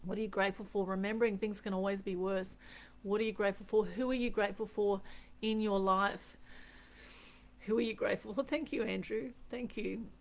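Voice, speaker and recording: A woman's voice: medium pitch, steady tone, fairly quick. A middle-aged Australian woman hosting an unscripted live stream, talking earnestly and reflectively and repeating key phrases for emphasis. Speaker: host. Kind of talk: unscripted Facebook Live chat.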